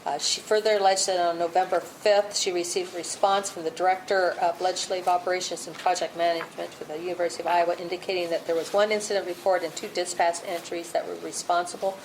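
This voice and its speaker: A woman with a slightly low voice works methodically through a records complaint at a public board meeting, pausing on fillers and correcting herself. She says she is losing her voice. A faint hiss sits under the recording. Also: low-quality recording. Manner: steady, procedural, with fillers and restarts. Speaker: board staff presenting cases. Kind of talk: reading a case report at a public board meeting.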